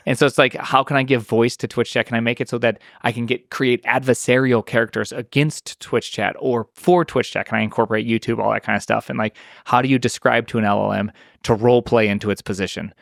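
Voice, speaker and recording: A man talking as a podcast guest in casual conversation, rambling and animated, with lots of restarts and fillers. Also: mid-range voice, quick pace, creaky, no room sound, clean studio sound.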